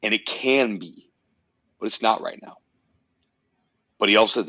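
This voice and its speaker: A man with a very low voice speaks as a podcast guest, emphatic and swearing freely as he tells his story. The sound is dry and a bit muffled, with no room around it. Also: a little fast, pauses often, sharp tone, slightly rough, no echo. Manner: emphatic, swears often, tells stories intensely. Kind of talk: casual podcast conversation.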